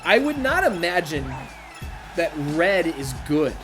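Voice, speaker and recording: A man commentating his own video game playthrough, excitable and profane, shouting at big moves, with game music behind. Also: a little high, slow. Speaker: gaming youtuber. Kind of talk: let's-play commentary.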